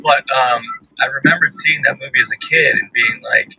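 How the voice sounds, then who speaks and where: A man's voice: medium pitch, normal speed, sharp tone, breathy edge, no room sound, low-quality recording. A man being interviewed as an actor guest, laughing often and restarting his sentences. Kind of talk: talk-show interview chat.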